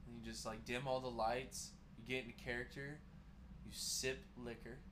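A man's voice: medium pitch, level tone, normal speed, noisy background. A man co-hosting a podcast in a laid-back casual chat, swearing freely and laughing often. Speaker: podcast co-host.

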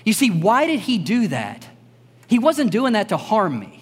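Pastor, male, high animated delivery, earnest and personal, church sermon. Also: moderate pace, husky, in a large hall. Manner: earnest, personal storytelling with emphatic repetition. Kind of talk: conversational sermon. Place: church service before a congregation.

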